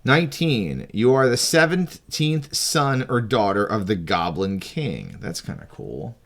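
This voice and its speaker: A man's voice: fairly low pitch, very animated, a little slow. A man acting as game master who walks a friend through making a tabletop game character, talking in a breezy, teasing way with frequent restarts. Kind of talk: casual tabletop game explanation.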